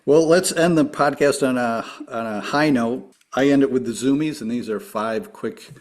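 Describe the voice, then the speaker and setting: A man's voice: mid-range voice, normal speed. Friendly male podcast host. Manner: friendly, steady questioning. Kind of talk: podcast interview questions.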